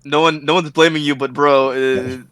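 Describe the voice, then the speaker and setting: A man, a tabletop player, teasing his friends with quick banter on a video call. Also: a little high, fairly even intonation, a bit bright, smooth, dry recording. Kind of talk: casual chat during a game break.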